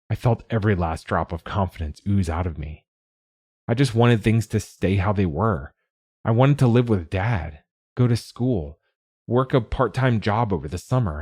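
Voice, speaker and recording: A man reading first-person narration for an audiobook in a measured, expressive way. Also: sits low, husky, dry recording, clean studio sound.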